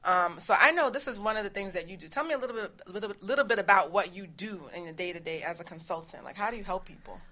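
A woman's voice: medium pitch, quick pace, hardly any pauses, sharp tone. A woman with a New York accent hosting a lifestyle radio talk show, chatting playfully and laughing often with her guests. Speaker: radio show host and coach.

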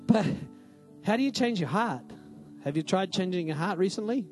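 A man's voice: sits high, expressive, fairly quick, faint music behind. A male pastor giving a conversational, emphatic sermon in a church and often asking the congregation "right?".

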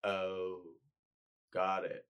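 A man's voice: deep voice, monotone, extremely slow, a bit bright, clean tone. A man chatting casually about a movie, laughing often and acting out quoted lines. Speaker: podcast co-host.

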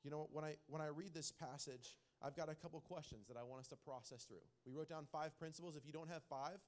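Male pastor, sermon delivery, slightly high-pitched, earnest, repeats lines for weight. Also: fast. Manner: earnest, repeats key phrases for emphasis. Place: church hall with congregation.

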